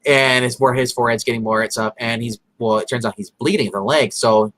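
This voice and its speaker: A man's voice: mid-range voice, a little fast, hardly any pauses, fairly bright tone, no echo, poor audio. A man co-hosting a casual episode recap, rambling with many fillers and acting out characters' lines. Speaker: podcast co-host.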